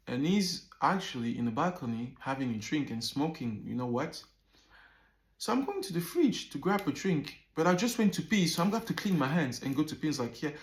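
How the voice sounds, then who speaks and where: A man in his thirties tells a personal story to camera, animated and loose, often repeating himself and swearing freely. His voice sits a little high for a man. The sound bounces around a roomy, echoey space. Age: 30s. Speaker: vlogger.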